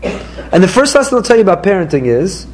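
A fairly high, middle-aged man's voice gives a Torah class to a small room of listeners, speaking with emphatic energy and sudden lifts in pitch. A faint hum of room noise sits beneath his speech. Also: very animated, brisk, a little mellow, low-quality recording. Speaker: rabbi teaching a class. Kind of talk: Torah lesson to a live audience.

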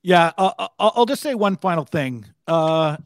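A man's voice: sits high, animated, normal speed, dry recording. A man, a broadcaster and former player, telling heartfelt memories on a podcast with his voice catching as he fights tears. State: near tears. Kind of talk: emotional podcast tribute.

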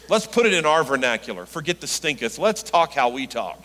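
Animated pastor preaching in a reverberant hall. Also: male voice, fairly quick, hardly any pauses. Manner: animated, rising into emphatic high pitch on quoted lines. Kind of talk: sermon.

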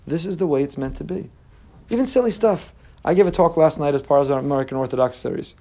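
A man teaching a Torah lesson, earnest and repetitive, swinging between emphatic lists and quiet asides. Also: a little high, quick pace. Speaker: rabbi teaching a class.

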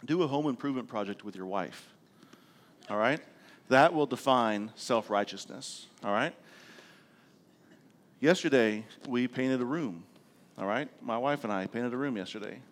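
A man's voice: medium pitch, normal speed, pauses often. A middle-aged man, preaching a sermon as pastor in a conversational, self-deprecating storytelling way, often checking in with the congregation.

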